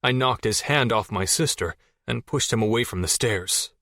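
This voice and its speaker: A man narrating a fantasy audiobook in the first person, steady and measured. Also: lowish voice, no room sound, studio quality.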